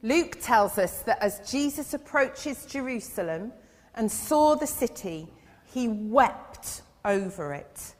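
A woman giving a gentle children's sermon in church, asking her listeners questions as she goes. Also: on the high side, expressive, takes it slowly. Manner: gentle, asks the audience questions. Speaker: church speaker giving an all-age talk. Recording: long reverb in a big hall.

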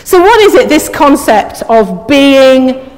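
A woman's voice: high-pitched, big pitch swings, slow pace. A woman giving an informal, chatty sermon, putting questions to the congregation and laughing now and then. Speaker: preacher. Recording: echoey hall.

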